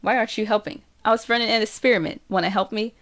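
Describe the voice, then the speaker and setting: A woman's voice: medium pitch, fast, a bit bright, close to an everyday voice. Woman reading as a blunt little girl. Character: young girl, blunt and bouncy.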